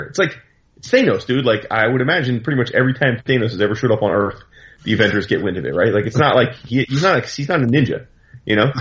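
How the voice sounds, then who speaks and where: A man's voice: lowish voice, fairly quick, highs cut off, slight background noise. A man recapping a comic book story in casual, rambling talk full of fillers and asides. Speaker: comics commentator.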